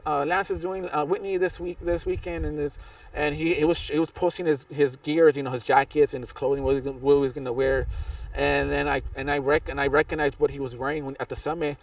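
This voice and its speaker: A man tells a story as a podcast guest, rambling and circling back over his words, his voice on the higher side for a man. He sounds set back from the microphone in a dry, dead room. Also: fairly even intonation, fast, dry recording, recorded from a distance. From Southern California. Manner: rambling, with frequent restarts and fillers. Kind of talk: casual storytelling interview.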